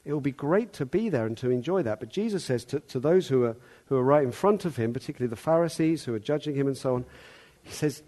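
A man preaching a sermon in a conversational way, now and then calling out loud to act a part. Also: a little high, lively intonation, fast talker. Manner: conversational, acts out the servant's calls loudly.

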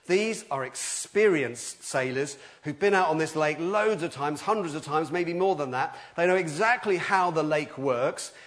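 A middle-aged man delivers a sermon in a fairly high voice. He talks to the congregation casually and animatedly. He often jumps into loud, dramatic impressions of the people in his story. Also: unhurried, hardly any pauses. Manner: animated, acts out quoted voices with sudden loud outbursts. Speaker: preacher.

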